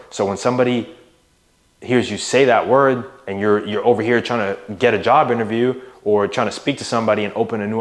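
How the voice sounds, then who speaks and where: A young man with a slightly low voice gives motivational coaching straight to his audience. He talks casually and with energy, raising and dropping his voice to hit key words and tossing in "bro" and "right?". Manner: emphatic, varies loudness and pitch for emphasis, casual with "bro" and "right?". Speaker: mindset and fitness coach. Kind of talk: motivational monologue to camera.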